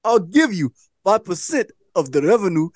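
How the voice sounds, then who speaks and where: A man putting on a slow, pompous rich prince. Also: high-pitched, very animated, dry recording. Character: smooth-talking rich male foreign prince.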